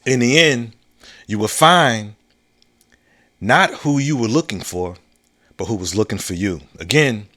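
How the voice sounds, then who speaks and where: Bright-voiced man musing on a podcast. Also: medium pitch, animated. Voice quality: laid-back, drawn-out phrasing with slang and restarts. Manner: reflective, repeats key phrases, asks "you know what I'm saying?". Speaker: podcast host. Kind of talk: casual solo monologue.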